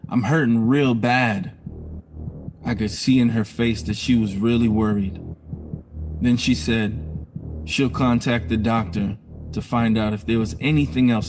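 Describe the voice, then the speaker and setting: A man telling his own story on a live stream in a candid, emotional way, blunt and profane at times. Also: fairly low pitch.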